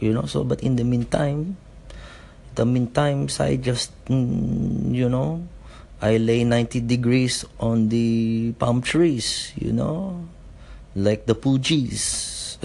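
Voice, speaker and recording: A man putting on a Filipino accent to play a laid-back island man who sees no reason to work, speaking in a drawling, relaxed way full of fillers. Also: on the low side, creaky, exaggerated voice.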